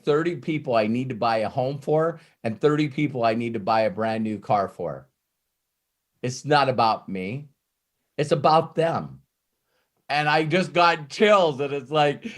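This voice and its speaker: A man's voice: on the high side, unhurried. Man telling a motivational story. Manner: retells stories with many "uh" fillers, ends with an earnest pep talk. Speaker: motivational speaker hosting a Q&A. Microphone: video call.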